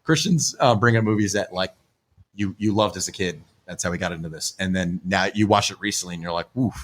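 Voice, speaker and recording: A man's voice: deep voice, fast talker. A man hosting a podcast, chatting casually and rambling with lots of restarts and asides. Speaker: podcast host. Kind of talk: casual chat. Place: live stream in front of a comic shop.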